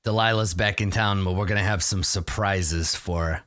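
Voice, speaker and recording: A man voicing a small, aging, gruff halfling mob boss who talks slowly with quiet menace. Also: sits low, steady tone, voice pushed down. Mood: menacing. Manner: slow, cigar-chomping menace.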